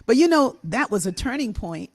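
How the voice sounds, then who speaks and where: An older woman telling a childhood story on a talk show, animated and laughing, acting out the voices of the people in it. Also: on the high side, normal speed, breathy edge. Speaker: co-host and musician.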